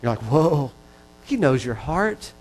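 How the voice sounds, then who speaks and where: Earnest preaching man, slightly high voice. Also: sing-song, slow pace, slightly rough, poor audio. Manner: earnest, repetitive preaching with rising intensity. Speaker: pastor. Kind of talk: sermon.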